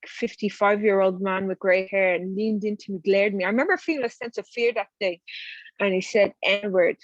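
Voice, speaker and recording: A woman's voice: mid-range voice, no echo. A woman in her thirties with a Dublin accent, speaking earnestly and conversationally as a panelist on a video call. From Ireland. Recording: dry, dull video-call audio.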